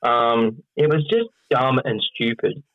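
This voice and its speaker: A man with an Australian accent, a pro wrestler, telling stories in a loose, animated way and swearing freely. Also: medium pitch, takes it slowly, dry recording. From Western Australia. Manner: animated, acts out quoted voices, swears freely. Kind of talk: casual storytelling. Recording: dull lo-fi sound.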